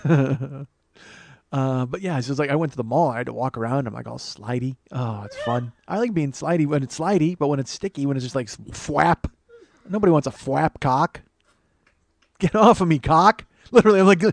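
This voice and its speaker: A man hosting a solo comedy podcast, rambling and self-mocking, swinging between loud outbursts and mumbled asides. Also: on the high side, creaky, a little hiss or hum. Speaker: podcast host.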